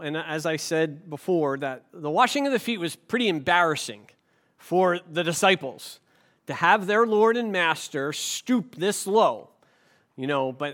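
A man's voice: high-pitched, fairly bright tone. A man, the pastor, preaching a sermon in a conversational way, with rhetorical asides to the congregation.

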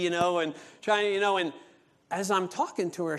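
A male pastor preaching a sermon, telling a story with lively acted-out dialogue, then slowing into an earnest teaching tone. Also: high-pitched. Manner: animated storytelling, acting out dialogue; slows down and turns earnest for teaching points.

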